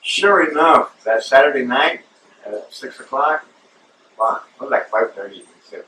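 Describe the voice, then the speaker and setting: Host, male, rambling casual storyteller with a bright, forceful voice, recorded distant from the mic in a roomy space. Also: mid-range voice, normal speed, a little hiss or hum. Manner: rambling, filler-heavy, calls listener bro. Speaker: show host.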